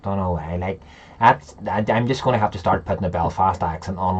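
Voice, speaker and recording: A man's voice: deep voice, a little fast, husky, muffled recording. A man hosting a casual live chat, rambling and talking straight to his viewers. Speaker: livestream host.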